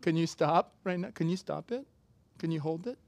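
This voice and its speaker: A man preaching a sermon, telling a personal story casually with sudden loud, emphatic bursts. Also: on the high side, moderate pace, vocal fry, dry recording. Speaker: pastor.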